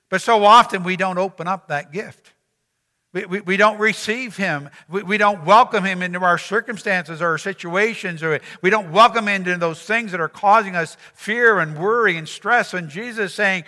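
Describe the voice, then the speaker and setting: A man's voice: sits high, normal speed, bright, forceful tone, in a large hall. A man preaching a sermon as pastor, earnest, repeating phrases and asking the congregation rhetorical questions.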